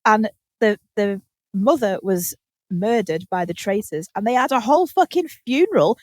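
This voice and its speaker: A British woman hosting a podcast, telling animated stories in casual chat, laughing often and swearing casually. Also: mid-range voice, normal speed, no room sound. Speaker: podcast host.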